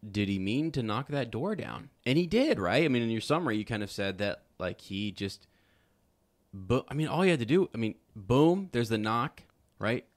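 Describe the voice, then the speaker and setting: A man's voice: mid-range voice, big pitch swings, normal speed, no echo. A man co-hosting a podcast, chatting casually about a book and rambling with many fillers and restarts. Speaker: podcast co-host.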